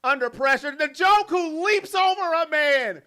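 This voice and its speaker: A young man calling football play-by-play as a fan, animated and jokey, breaking into reactions and playful impressions of players. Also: very high-pitched, unhurried. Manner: animated, jokey, mimics players in quoted voices. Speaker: fan commentator.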